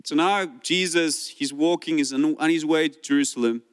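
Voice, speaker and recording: A man preaching a sermon in a church, animated and acting out voices as he retells the story. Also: a little high, moderate pace. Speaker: pastor. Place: church sanctuary. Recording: long hall reverb.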